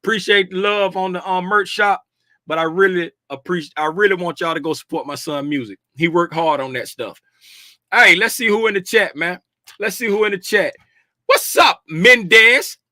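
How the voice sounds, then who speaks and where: Bright-voiced man hosting a market livestream. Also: high-pitched, moderate pace, no room sound, clean studio sound. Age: middle-aged. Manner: chatty, greets viewers by name and laughs often; easygoing slangy talk. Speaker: livestream host reviewing futures markets. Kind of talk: casual livestream market commentary.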